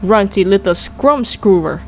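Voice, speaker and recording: A woman voices a huge, brutish male giant who eats people, booming and hurling insults. Her voice jumps higher when he shouts, over faint background noise. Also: lively intonation, measured pace. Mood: bullying. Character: huge brutish male man-eating giant, bullying and loud.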